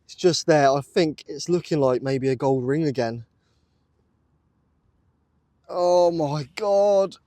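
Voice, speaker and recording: Out in a muddy field with his metal detector, a UK man gives excited vlog commentary, breathless and awestruck, repeating exclamations to viewers. His medium-pitched, slightly mellow voice moves at a moderate pace with hardly any pauses. The sound comes from a camera on a tripod, with no room sound.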